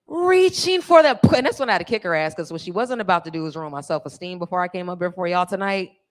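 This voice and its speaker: A woman's voice: fairly low pitch, expressive, fast. A middle-aged woman from California doing a brash, bawdy live stand-up routine on a stage mic and teasing the crowd. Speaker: stand-up comedian.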